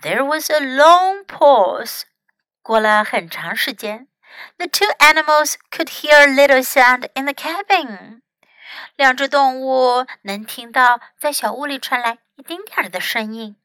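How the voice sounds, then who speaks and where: A woman English teacher reading a children's story aloud and teaching sentences, slow and clear. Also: high voice, bright, forceful tone, no echo, low-quality recording. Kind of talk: bilingual storybook narration and lesson.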